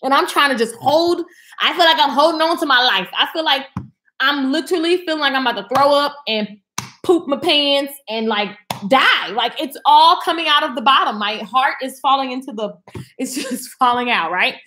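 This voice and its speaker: Animated, bright-voiced woman storyteller. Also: sits high, moderate pace, a little hiss or hum. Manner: animated, dramatic, swings from hushed to loud. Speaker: speaker telling a personal story. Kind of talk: casual storytelling to an audience.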